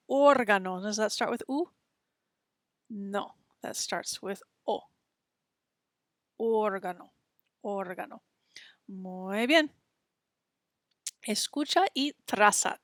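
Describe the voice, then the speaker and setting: A woman's voice: a little high, dry recording, studio quality. A woman teaching a beginner Spanish lesson, patiently modeling sounds for students to repeat. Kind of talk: slow, clear textbook lesson.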